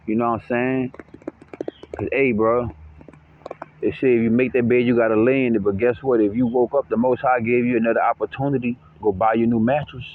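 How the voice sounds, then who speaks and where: Slangy hyped-up motivational man. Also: mid-range voice. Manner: slangy, repeats "you know what I'm saying"; preachy, hyped, repetitive. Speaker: self-help vlogger. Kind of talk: casual motivational monologue. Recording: dull lo-fi audio with faint noise.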